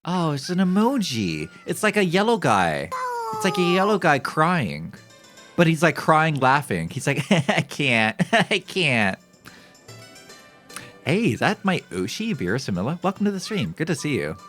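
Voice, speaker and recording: A man streaming a game live, talking casually to his chat. His pitch jumps up and down a lot as he jokes, and he often makes fun of himself. Faint music plays behind him. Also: normal speed. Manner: animated, joking, talks to chat; self-mocking.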